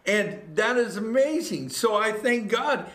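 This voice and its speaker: A man's voice: sits high, animated, measured pace, fairly bright tone. A man preaching a livestreamed sermon as a pastor, earnest and repetitive, building to exhortation. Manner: earnest, repeats phrases, rises to exhortation. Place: church room. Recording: echoey room.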